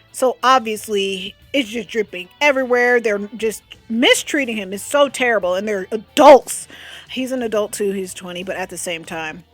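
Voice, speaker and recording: A young adult woman chatting casually about a comic she is reading, gushing and chatty. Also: medium pitch. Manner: chatty, gushing, with lots of fillers. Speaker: webcomic recommender. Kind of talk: casual chat.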